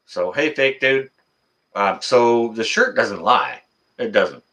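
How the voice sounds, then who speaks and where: A man's voice: lowish voice, animated, slow pace, fairly bright tone. A middle-aged man, hosting a casual live stream, reading the chat and answering viewers by name in a folksy, teasing way.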